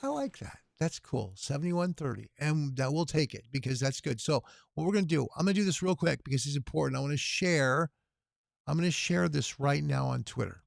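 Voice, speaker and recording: Tired, gravelly-voiced man hosting a livestream. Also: fairly high pitch, animated, brisk, dry recording, studio quality. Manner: rambling, mutters to himself while typing. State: sleep-deprived, tired. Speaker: livestream telethon host. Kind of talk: casual livestream chat to viewers.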